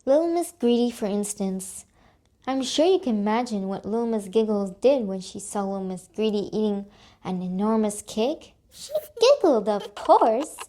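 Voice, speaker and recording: A woman's voice: mid-range voice, normal speed, warm tone. A woman reading a children's story aloud in a cheerful way, stopping to ask young listeners questions.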